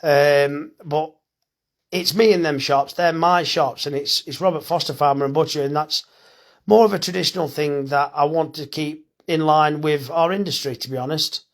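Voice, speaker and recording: A blunt, chatty middle-aged man talks off the cuff on a phone live stream, reading out viewers' comments as they come in. His voice sits a little high for a man, and he swears easily in a friendly way. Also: fairly even intonation, moderate pace. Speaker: farmer and butcher hosting a live stream.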